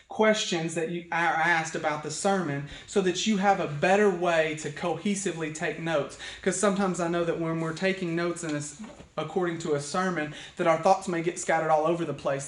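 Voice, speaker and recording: A man as pastor giving a livestreamed sermon, earnest and building to emphatic repetition. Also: on the high side. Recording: echoey room.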